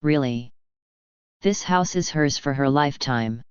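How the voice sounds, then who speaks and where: A hot-tempered old uncle from a storybook who blusters and sneers , as the narrator reads him. His words come out slow and deliberate. The voice sounds crisp and clear, on a dull, dry recording. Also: medium pitch, dry recording, close to an everyday voice. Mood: scornful. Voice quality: slow, even reading.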